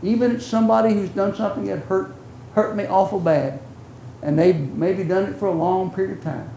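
An older man preaching a sermon, telling stories in a folksy, earnest way that swings from loud to hushed. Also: high-pitched, fairly even intonation, brisk, vocal fry, reverberant, a little hiss or hum, rough recording. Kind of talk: sermon storytelling.

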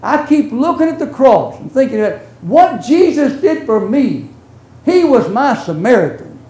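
An older man preaching in a roomy, echoing church, his voice mellow and dark in tone. He tells his stories in a folksy, earnest way, rising loud and then dropping to a hush. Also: extremely high pitch, big pitch swings, measured pace. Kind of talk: sermon storytelling.

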